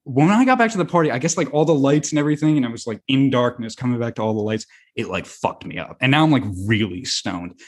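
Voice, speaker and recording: Young American man, husky, podcast host; rambling, animated storyteller. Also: mid-range voice, fast talker, hardly any pauses. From United States. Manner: rambling, animated, lots of fillers and swearing. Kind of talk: casual storytelling.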